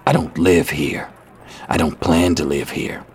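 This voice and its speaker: An actor playing a calm, stoic frontier lawman who answers in short, dry lines. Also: very deep voice, unhurried, slight background noise.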